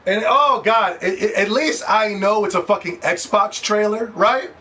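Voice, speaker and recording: A man's voice: sits high, measured pace, pushed and bright. A man ranting in a heated, profane, mocking way in vlog commentary about video games. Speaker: gaming commentator. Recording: distant mic with faint background noise.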